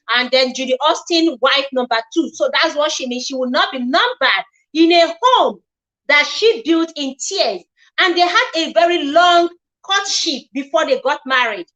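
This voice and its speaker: A woman's voice: sits high, pushed and bright, poor audio. A woman hosting a chatty livestream, reading posts aloud, commenting on them and greeting viewers by name. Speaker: livestream host.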